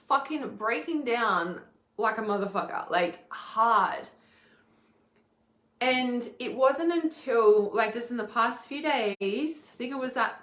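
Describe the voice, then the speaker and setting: A woman's voice: medium pitch, fairly bright tone, reverberant. A woman, an intuitive healer talking candidly to camera, swearing freely and with emphasis. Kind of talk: casual personal video talk.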